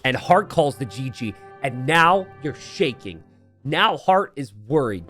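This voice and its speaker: A man's voice: on the high side, very animated, moderate pace, pushed and bright, faint music behind. A man streaming live game commentary from his home setup, rambling into self-deprecating jokes and asides. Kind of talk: live game commentary mixed with casual chat.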